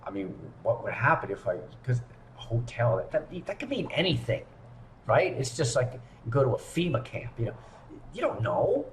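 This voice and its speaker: A man telling a story from his apartment in a rambling, animated way, full of restarts and asides. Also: medium pitch, normal speed, echoey room, slight background noise. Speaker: vlogger recounting lockdown. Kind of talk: casual storytelling monologue.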